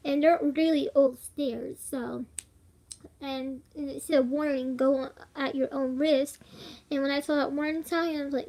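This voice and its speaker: A young woman with a twang tells a spooky story straight to her audience. Her voice sits high and bright, and she rambles loosely, with plenty of "like" and little giggles. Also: steady tone, unhurried. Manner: rambling, filler-heavy, giggly. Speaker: vlogger. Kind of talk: casual storytelling to camera.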